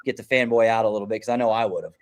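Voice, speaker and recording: A man's voice: on the low side, fairly even intonation, very fast. An easygoing man co-hosting a casual podcast, with frequent hesitations. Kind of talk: casual chat.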